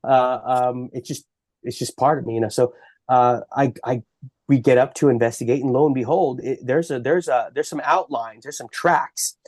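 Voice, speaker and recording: A man with a Texan accent, a guest on a podcast, telling a long story in an animated, halting way full of restarts. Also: medium pitch, no echo, clean studio sound. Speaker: bigfoot researcher guest.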